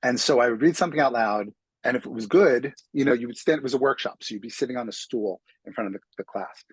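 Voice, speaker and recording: A man's voice: mid-range voice, fast, slightly rough, no room sound, poor audio. A man from New York City, an author, telling self-deprecating stories as an interview guest. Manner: self-deprecating storyteller with frequent restarts. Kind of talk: casual interview conversation.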